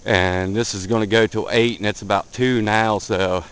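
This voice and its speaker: A man filming outdoors in a blizzard on a handheld camera, giving excited casual commentary, cold and a bit out of breath. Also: fairly low pitch, moderate pace, clear, resonant tone, rough recording. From Delaware, USA. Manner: excited, repeats himself, calls viewer man. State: out of breath, face numb from cold. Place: outdoors in a blizzard, wind and snow. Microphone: handheld camera mic.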